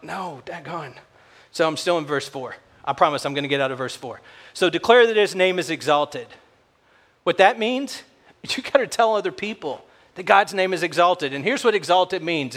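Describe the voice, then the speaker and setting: A man's voice: a little high, fairly bright tone. A man preaching a sermon as pastor, telling stories in a conversational way and acting out the voices of the people in them. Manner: conversational storytelling, acts out quoted voices.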